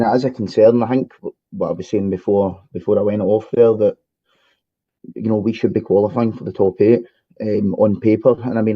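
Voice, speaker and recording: Husky low Scottish man on a call. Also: no room sound, highs cut off. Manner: chatty, leans on "you know what I mean". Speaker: podcast co-host. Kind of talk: casual football podcast chat.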